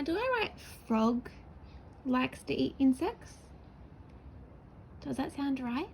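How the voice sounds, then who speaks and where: A woman teacher sounds out words for young children, slowly and patiently. Her voice sits high but has a mellow, soft tone. A faint hiss of background noise runs under the recording. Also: poor audio. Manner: slow, sounding out words syllable by syllable; patient, encouraging. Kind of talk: early-years writing lesson.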